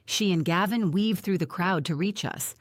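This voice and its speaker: Woman narrating an audiobook, lower voice. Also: moderate pace, no room sound, studio quality. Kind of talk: first-person audiobook narration.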